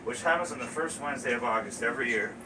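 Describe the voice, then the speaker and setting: A man's voice: medium pitch, rapid-fire. A man with a Newfoundland accent, hosting a comic ceremony and teasing the crowd as he leads call-and-response phrases. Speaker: screech-in ceremony host. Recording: distant mic, loud crowd and noise.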